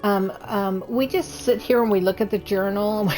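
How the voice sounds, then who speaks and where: Woman, middle pitch, casual pre-stream chat, teasing, faint music behind. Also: fairly even intonation. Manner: chatty, halting with fillers, teasing. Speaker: co-host and player.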